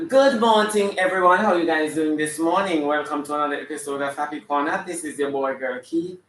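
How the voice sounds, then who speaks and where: A man with a Jamaican accent playing a flamboyant, sassy female character full of attitude, hosting a live stream and shouting out viewers' names. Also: on the high side, fairly quick, close to an everyday voice. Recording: echoey room, mic at a distance.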